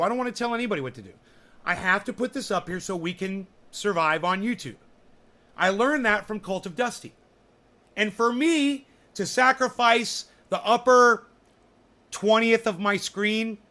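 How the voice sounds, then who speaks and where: A man's voice: sits high, animated, normal speed, sharp tone. A man hosting his own show, talking casually in a rambling, blunt and profane way. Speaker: host of a cannabis show. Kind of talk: casual chat.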